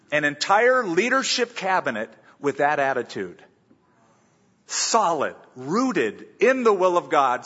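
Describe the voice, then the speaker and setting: Man preaching a sermon, earnest, husky voice, long hall reverb. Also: on the high side, a bit bright, highs cut off. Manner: earnest preaching, reads scripture aloud, slows for emphasis. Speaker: pastor.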